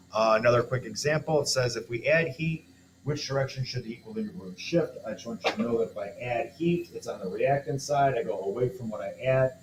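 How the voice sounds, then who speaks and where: A man's voice: mid-range voice, reverberant, a little hiss or hum, low-quality recording. A man teacher working through a homework problem aloud, step by step, checking in with his students. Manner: talks through steps aloud, checks in with listeners. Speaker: chemistry teacher. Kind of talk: homework walkthrough lesson.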